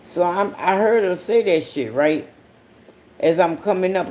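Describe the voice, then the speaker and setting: A podcast host telling a story in a casual monologue, blunt and profane, breaking into sudden high outbursts and laughing along the way. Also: measured pace, a little mellow.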